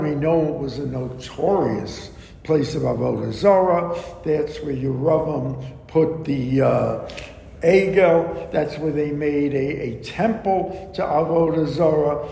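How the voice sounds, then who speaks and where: A man teaching a verse-by-verse Bible lesson, explaining slowly and deliberately with frequent ums and asides. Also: a little high, creaky, darkish tone. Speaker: Torah teacher. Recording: echoey room with long reverb and faint background noise.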